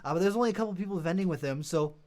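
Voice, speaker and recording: Young guy on a podcast, kinda high voice, gets loud and animated doing his friends' lines. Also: rapid-fire. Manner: animated, acts out quoted friends in a louder higher voice. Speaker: podcast co-host. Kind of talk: casual storytelling chat.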